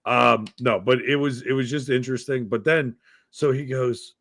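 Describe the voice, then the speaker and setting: A man's voice: medium pitch, moderate pace, no echo. Profane storytelling man, dry sound. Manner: profane, animated storyteller acting out quotes. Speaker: podcast host. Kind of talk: casual storytelling chat.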